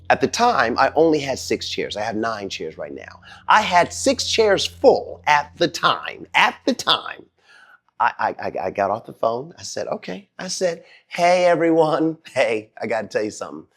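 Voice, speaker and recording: Middle-aged man, dentist, lively dramatic storyteller, faint music bed. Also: mid-range voice, husky. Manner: dramatic, repetitive retelling with quoted dialogue. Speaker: dentist and host. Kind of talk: animated storytelling.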